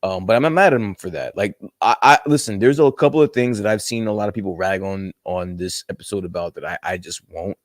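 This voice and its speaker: Low-voiced man in casual chat. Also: fast, hardly any pauses, no echo, clean studio sound. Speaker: podcast co-host.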